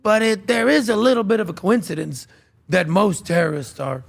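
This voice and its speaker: High-voiced gravelly man arguing hard. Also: animated, normal speed. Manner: argumentative, punchy, builds points with examples. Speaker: podcast co-host. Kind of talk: heated political talk show debate.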